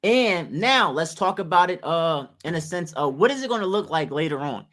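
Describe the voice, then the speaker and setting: Man, opinion vlogger, preachy and emphatic, voice a touch high. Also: animated, normal speed, fairly bright tone. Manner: emphatic, preachy, rhetorical questions to viewers. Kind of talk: opinionated commentary to camera.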